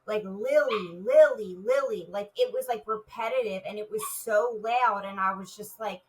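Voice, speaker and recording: A woman's voice: medium pitch, steady tone, normal speed, far from the mic, background noise. A woman, a retired police officer, recounting a personal story in an interview, vividly and with many "like" fillers.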